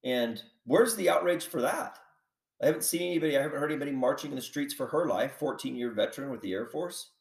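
A man's voice: mid-range voice, lively intonation, fast, gravelly, roomy sound, recorded from a distance. A man hosting a podcast, delivering a heated political monologue full of repeated rhetorical questions. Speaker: podcast host.

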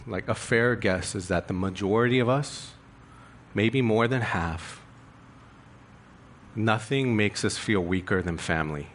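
A man preaching to his congregation in a somewhat low voice. He speaks earnestly and openly about his own feelings. He presses his points with repeated rhetorical questions. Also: a little slow, slight background noise. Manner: earnest, confessional, rising emphasis with rhetorical questions. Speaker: pastor. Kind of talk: sermon.

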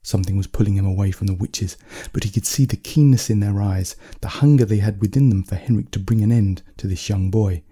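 A man reading a bedtime story aloud in a calm, measured, soft-spoken way. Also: on the low side, husky.

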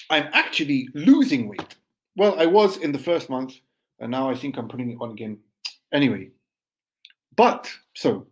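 A man's voice: mid-range voice, animated, moderate pace, pauses often. A man, chatting playfully and reading his own poems aloud. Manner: playful, rambling, slips into other languages. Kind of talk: casual chat and poetry reading. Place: home, between kitchen and desk.

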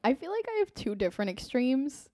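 A woman in casual conversation, animated, acting out her own quoted lines. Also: high-pitched, brisk, dry recording, clean studio sound. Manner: animated, acts out quotes with laughter. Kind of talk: casual podcast chat.

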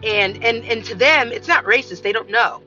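A woman's voice: a little high, normal speed. A woman telling a story from work in a casual monologue and acting out the voices of the people in it. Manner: animated, acts out voices in her story. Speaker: vlogger. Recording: dull lo-fi sound with faint music.

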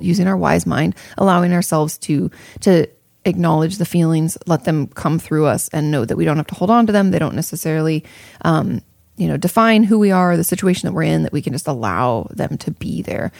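A woman's voice: lowish voice, vocal fry, a little mellow, no echo, studio quality. A woman therapist giving casual, frank advice to viewers, thinking aloud with plenty of fillers and the odd swear word. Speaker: therapist answering viewer questions.

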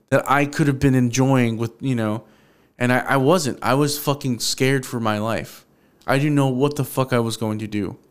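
A man's voice: mid-range voice, smooth. A young man from Houston hosting a solo podcast, telling a personal story in a casual, profane, emotional way. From Houston, Texas. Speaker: podcast host.

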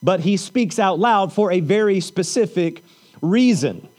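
High-voiced man preaching a sermon. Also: lively intonation, a little slow, a little mellow. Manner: earnest preaching with repeated phrases. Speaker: pastor.

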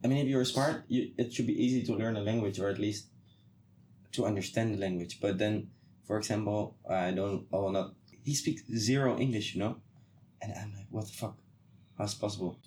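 A man from the Netherlands with a lowish voice chats in English in a loose, rambling way, stopping and restarting his sentences and laughing often. His voice carries a noticeably echoey, roomy sound. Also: a little fast, darkish tone, slight background noise. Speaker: student. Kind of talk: casual chat.

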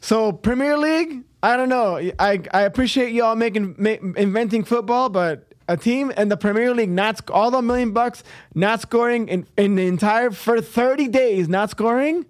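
A male co-host of a soccer show, chatting in an animated, joking way. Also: very high-pitched, moderate pace, no echo, studio quality. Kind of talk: casual chat.

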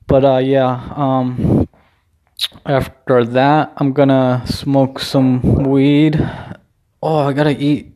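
A man's voice: mid-range voice, a little mellow. Rambling, casual man talking at home. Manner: rambling, hesitant, swears casually. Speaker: vlogger. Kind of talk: casual chat. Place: at home, indoors.

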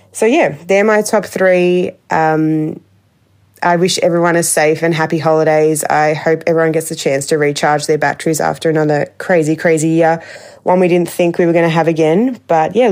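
A woman's voice: fairly low pitch, a little mellow. A woman with an Australian accent, chatting enthusiastically as she recommends her favourite books. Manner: chatty, enthusiastic, laughs easily. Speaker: book reviewer. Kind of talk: casual book recommendations.

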